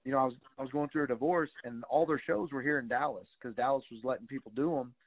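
A man's voice: mid-range voice, fast talker, noisy background. A middle-aged man telling stories casually as a guest, rambling with many fillers and some swearing. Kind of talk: casual storytelling. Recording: tinny phone-like sound.

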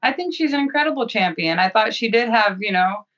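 Blunt, bright-voiced woman fighter, far from the mic. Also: a little high, expressive, a little fast, dull audio. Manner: blunt, profane, self-assured. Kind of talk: interview answers.

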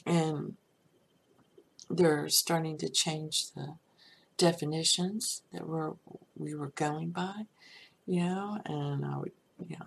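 A middle-aged woman telling a personal story in a rambling way, full of "you know" asides and breathy, half-whispered stretches. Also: fairly low pitch, a little hiss or hum. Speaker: storyteller recounting a personal crisis. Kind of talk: personal testimony.

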